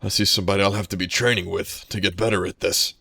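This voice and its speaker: A man's voice: low-pitched, fairly even intonation, fast talker, vocal fry, sharp tone, husky, heavily acted. A man voicing a boastful, competitive male dagger-throwing rival in a tabletop game. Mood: grudging. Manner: cocky, competitive.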